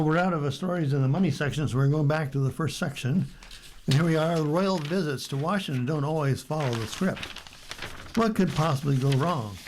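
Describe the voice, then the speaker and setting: A man with an American accent reading newspaper stories aloud for a radio reading service, steady and unhurried with light asides. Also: a little high, slight background noise, poor audio.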